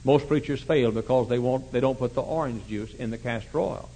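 A man preaching a sermon, telling folksy stories and swinging from quiet asides to shouting. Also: medium pitch, brisk, a little hiss or hum, poor audio. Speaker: pastor.

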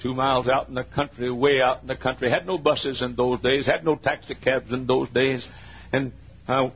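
An older man in his sixties delivering a sermon in church, moving between folksy storytelling and fervent, near-shouted passages. His voice sits at a medium pitch, on a dull, lo-fi recording with a faint hiss behind it. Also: flat delivery, moderate pace. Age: 60s. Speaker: preacher.

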